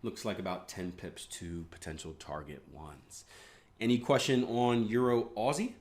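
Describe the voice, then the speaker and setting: A man's voice: lowish voice, fairly even intonation, normal speed, darkish tone. A man hosting a live trading room, analyzing charts in a casual, chatty way with rambling asides.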